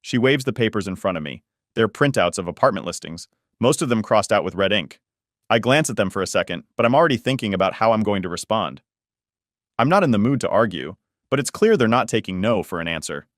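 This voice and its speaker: A man's voice: on the low side, sing-song, fairly quick, a bit bright, no room sound, studio quality. A man narrating a first-person family drama story in an exasperated, matter-of-fact way.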